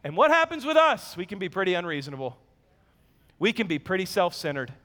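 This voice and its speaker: A man in his thirties preaching a sermon, telling stories in a lively way with self-deprecating humor. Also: high voice, a little fast. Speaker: pastor. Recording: long reverb of a large hall.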